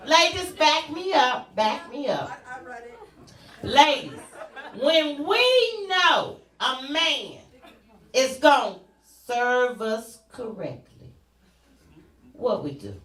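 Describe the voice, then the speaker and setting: A brash woman comedian working a club crowd, her high, bright voice delivered. She takes her time, letting each bawdy line land, and repeats punchlines for effect. The sound is roomy and a little distant, as if caught off the stage. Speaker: stand-up comedian. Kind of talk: stand-up comedy set.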